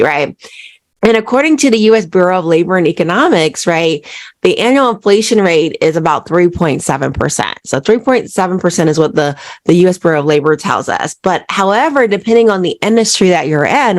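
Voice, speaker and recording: A woman talks straight to her listeners on a solo podcast, in a fairly low voice. She asks them one question after another and checks in with "right?" all the time. The sound is dry and close, with no room echo. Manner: asks listeners repeated rhetorical questions, says "right?" often. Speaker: podcast host and accountant.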